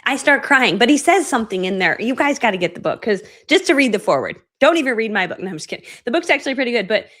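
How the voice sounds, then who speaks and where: A woman in her forties, working as an online course coach, gives a motivational training talk in a voice on the high side: sing-song, rapid-fire, with few pauses and a fairly bright tone. She's chatty and self-deprecating, acts out how she used to react, and leans on fillers like "right?".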